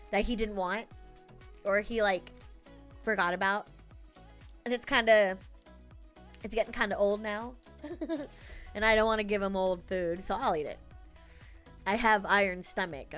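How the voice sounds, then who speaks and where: Woman, streamer, casual chat, laughs a lot, slightly high voice, faint music behind. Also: fairly bright tone. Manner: chatty, laughs often, thanks chat by name.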